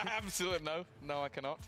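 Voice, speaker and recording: A man on an esports panel who jokes in a laid-back way and slows down when he explains his ideas. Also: on the high side, sharp tone, soft background music. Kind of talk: casual panel banter.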